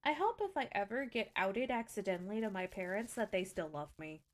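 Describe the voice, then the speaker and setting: Lively chatty young woman streamer. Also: mid-range voice, a little fast. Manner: chatty, self-deprecating, swearing. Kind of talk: casual stream chat.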